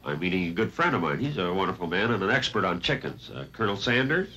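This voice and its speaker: A man hosting a TV talk show, questioning his guest in a dry, deadpan way. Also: low voice, fast, slight background noise.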